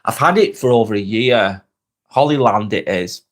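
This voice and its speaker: A man's voice: on the low side, moderate pace, slight background noise. An English man hosting a live vlog from a spare bedroom, chatting casually with viewers, rambling and repeating himself with lots of ums, on a clip-on mic. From England. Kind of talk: casual live-stream chat reading comments. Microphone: wireless clip-on mic.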